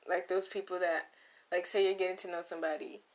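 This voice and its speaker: A woman's voice: fairly low pitch, little pitch movement, quick pace. A young woman vlogger in a casual, comedic monologue, rambling and losing her train of thought with playful asides, close to the mic. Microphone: close microphone.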